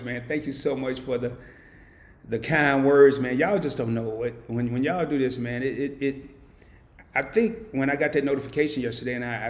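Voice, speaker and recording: A man hosting a casual live stream, reading viewer comments aloud and answering them with heartfelt thanks. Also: mid-range voice. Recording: echoey room.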